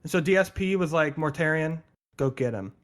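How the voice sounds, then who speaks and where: A man in casual podcast chat, telling a story with lively, jokey quoted voices. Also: fairly high pitch, a little fast. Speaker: podcast co-host explaining lore.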